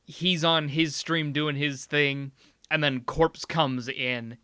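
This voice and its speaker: A young man chats casually as a podcast co-host. His voice has a bright, forward edge and is recorded close and dry, with no room sound. He talks in an animated way and laughs often. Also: a little high, slow pace, clean tone, no echo. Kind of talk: casual chat.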